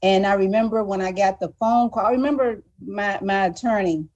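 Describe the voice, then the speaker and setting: On a muffled recording, a woman with a medium-pitched, darkish voice speaks briskly. She's a guest on a live talk show recounting her story earnestly and emotionally in candid conversation, repeating words as she restarts sentences.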